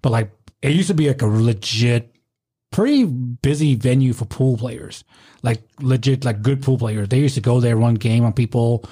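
A man's voice: medium pitch, normal speed, husky. A man telling rowdy stories about working a bar door, acting out the voices and laughing often. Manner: animated storyteller, acts out quotes, swears a lot, laughs often. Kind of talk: casual chat.

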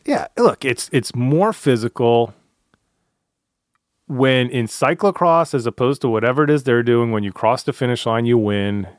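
A man hosting a podcast, chatting in a loose, halting way with frequent restarts. His voice sits at an average pitch. The sound is dry and close, with no room echo. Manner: relaxed, halting, repeats words. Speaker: podcast host. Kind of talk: casual podcast chat.

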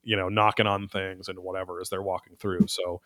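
A man's voice: sits low, flat delivery, a little fast, a bit bright, no room sound, studio quality. A man hosting a podcast, recapping an episode in a rambling, profane, wry casual chat. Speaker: podcast host.

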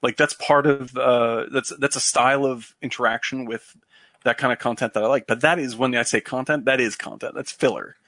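A man's voice: medium pitch, steady tone, a little fast, a bit bright, no room sound, clean studio sound. A man in casual podcast chat, rambling with many fillers and restarts, swearing freely.

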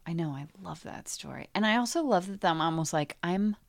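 A woman co-hosting a podcast, telling a story in a wry, animated way. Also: on the low side, brisk, gravelly, no room sound, studio quality. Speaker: podcast co-host. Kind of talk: casual podcast chat.

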